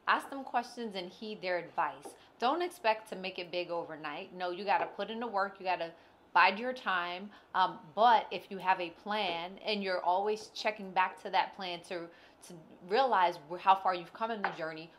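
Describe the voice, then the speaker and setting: A woman co-hosting a podcast, summing up the episode in a measured, organized way. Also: fairly low pitch. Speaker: podcast co-host. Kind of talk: casual chat, summing up.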